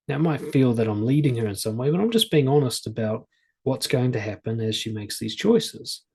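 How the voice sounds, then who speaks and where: Husky-voiced man giving parenting advice. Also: medium pitch, big pitch swings, brisk, mellow. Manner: conversational, plain-spoken, with examples from his own family. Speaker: parenting and confidence coach. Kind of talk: advice talk to camera.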